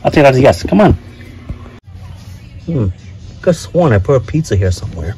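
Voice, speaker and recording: A man's voice: medium pitch, fairly quick, soft background music, poor audio. A man voicing all the characters in a playful plush toy comedy skit. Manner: lively, playful, switches between voices.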